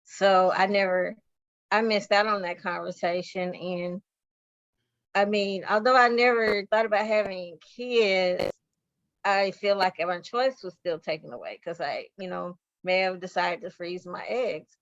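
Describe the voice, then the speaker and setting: A woman's voice: medium pitch, a little slow, dry recording. A woman patient panelist speaking frankly and reflectively over a video call. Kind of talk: personal testimony on a panel. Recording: dry, lo-fi call audio.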